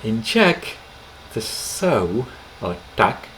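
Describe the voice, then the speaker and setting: A man teaching a language lesson to camera, explaining in an unhurried way with gentle pauses, recorded on a webcam microphone. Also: medium pitch, big pitch swings, slight background noise, low-quality recording.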